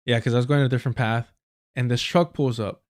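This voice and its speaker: A man's voice: medium pitch, steady tone, quick pace, dry recording, studio quality. A man hosting a livestream, ranting in casual commentary. He is blunt and profane, uses a lot of slang, repeats himself for emphasis, and stops to correct himself mid-sentence. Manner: storytelling with repeated phrases and self-corrections. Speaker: livestream host.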